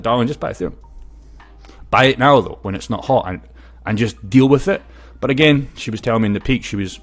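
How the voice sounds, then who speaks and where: A man speaking casually in a video, brash and swearing as he tells stories and gives opinions. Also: lowish voice. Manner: brash, swearing, lively storytelling. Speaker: crypto YouTuber. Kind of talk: casual talking-head video.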